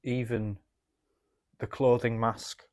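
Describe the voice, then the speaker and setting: A man co-hosting a reflective podcast, thinking out loud and often closing his points with rhetorical questions. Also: medium pitch, level tone, takes it slowly. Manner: musing, asks rhetorical questions. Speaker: podcast co-host. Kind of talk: reflective casual chat.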